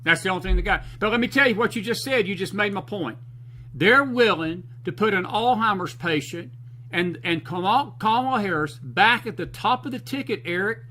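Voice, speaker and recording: A man's voice: high voice, normal speed, pushed and bright, poor audio. A man hosting a talk show, delivering fired-up political commentary in a folksy, preachy, emphatic way.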